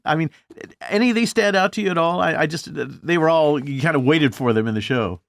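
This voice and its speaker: A gravelly-voiced man in his sixties hosts a podcast interview, recorded close and dry. He tells stories with energy and slips into the voices of the people he quotes. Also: fairly high pitch, fairly quick, dry recording. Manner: animated storyteller, acts out quoted voices. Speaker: podcast host. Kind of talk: conversational interview.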